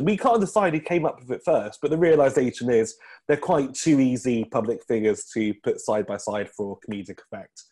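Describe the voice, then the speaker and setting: A man's voice: mid-range voice, darkish tone. A man, a comedian chatting as a podcast guest, rambling with lots of ums and restarts. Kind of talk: casual interview chat.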